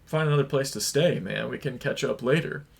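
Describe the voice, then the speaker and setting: A man's voice: mid-range voice, brisk, vocal fry, slightly rough. A man voicing a boisterous, casual demigod hero who talks like a buddy. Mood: concerned. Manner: casual, bro-like.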